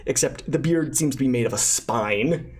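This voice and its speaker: A man's voice: medium pitch, breathy edge. Man running a tabletop game. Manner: halting, filler-heavy improvised narration. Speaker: game master.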